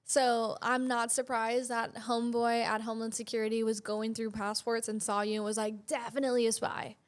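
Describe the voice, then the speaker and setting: Slangy teasing woman co-host, fairly high. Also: little pitch movement. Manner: chatty, slangy, teasing, quick interjections. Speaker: podcast co-host. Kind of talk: casual chat.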